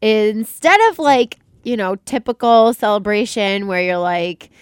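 A woman's voice: medium pitch, unhurried, clean tone, no echo. A woman from Massachusetts co-hosting a podcast, chatting casually with a sarcastic, laughing manner. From Lynn, Massachusetts. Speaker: podcast co-host.

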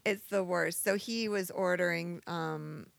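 Profane, gravelly-voiced woman bartender. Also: lowish voice, measured pace, no room sound. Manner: candid, profane storytelling. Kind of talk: casual podcast chat.

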